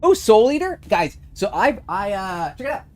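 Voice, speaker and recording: A man's voice: sits high, normal speed. A man streaming a game while casually chatting and answering viewers' messages. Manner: chatty, reads and answers chat, animated. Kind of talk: casual live-stream chat.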